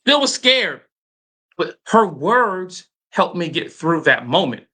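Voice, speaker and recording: A man with a high, strikingly bright voice tells a personal story as a motivational coach. He is dramatic and animated, and he keeps turning to address his listeners directly. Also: slow pace, slightly rough.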